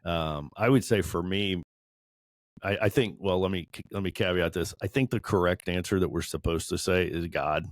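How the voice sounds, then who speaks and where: Brief: low-voiced man in his forties, earnest and candid, dry close recording, self-deprecating storyteller. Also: normal speed, no echo. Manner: earnest, self-deprecating, laughs while telling stories. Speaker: podcast panelist. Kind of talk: candid group discussion.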